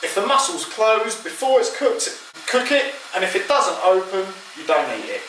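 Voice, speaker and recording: A high-voiced man chats through a recipe, explaining each step in an easy, friendly way. He is heard from a distance in a very echoey kitchen. Pots and dishes clink faintly behind him. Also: expressive, moderate pace, a bit bright, a little hiss or hum. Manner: chatty, explains as he cooks. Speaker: cooking show host. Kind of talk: casual cooking demonstration. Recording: roomy kitchen echo, distant mic.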